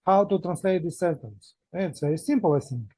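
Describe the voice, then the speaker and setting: A man's voice: on the high side, animated, moderate pace, darkish tone, slightly rough, no room sound, poor audio. A man teaching an English grammar lesson, patiently explaining step by step and repeating examples.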